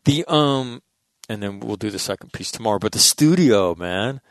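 A middle-aged man with a lowish voice tells stories in a loose, rambling monologue, restarting his sentences and swearing casually. The sound is close and dry, with no room echo. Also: animated, normal speed.

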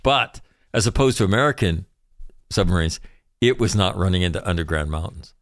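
Low-voiced sarcastic man, dry sound. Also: expressive, brisk, no room sound. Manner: sarcastic, profane asides, jokey. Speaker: military news commentator, former Marine. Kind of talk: casual news commentary.

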